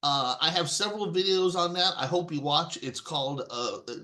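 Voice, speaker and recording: A man's voice: a little high, moderate pace, bright, forceful tone, roomy sound. A man talking casually to his viewers in a rambling, emphatic way, full of fillers and restarts. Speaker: video blogger. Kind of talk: casual monologue to camera.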